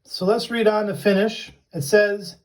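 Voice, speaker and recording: A man teaching an online class, coaching students and drawing out each vocabulary word slowly and clearly. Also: sits high, fairly even intonation.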